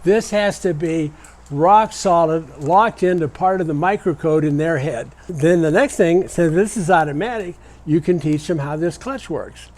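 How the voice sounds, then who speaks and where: Older guy teaching motorcycle stuff step by step, kinda high voice, soft warm tone. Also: a little slow, low-quality recording. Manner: patient, step-by-step instruction. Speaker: mechanic teaching motorcycle repair. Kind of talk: hands-on demonstration.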